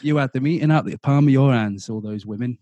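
A man with a southern English accent co-hosting a podcast, bantering and joking with a quick laugh. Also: medium pitch, warm tone, no room sound, highs cut off. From southern England. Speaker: podcast co-host. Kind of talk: casual chat.

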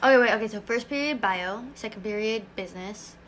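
A teenage girl co-hosting a casual podcast, chatty and quick to jump in. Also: mid-range voice, fairly bright tone, slight background noise. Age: teens. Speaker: podcast co-host. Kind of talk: casual chat.

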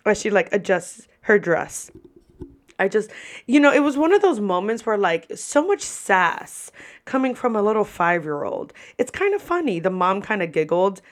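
A young woman, a podcast host who works as a server, telling stories in a casual, animated way and swearing freely. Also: normal speed. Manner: animated, profane, lively pitch swings. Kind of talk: casual storytelling.

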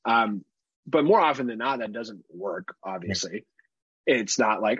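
Profane rambling dad, husky and dry. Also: male voice, on the low side, animated, measured pace, fairly bright tone, dry recording, highs cut off. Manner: profane, rambling, laughs often. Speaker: podcast co-host. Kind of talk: casual chat.

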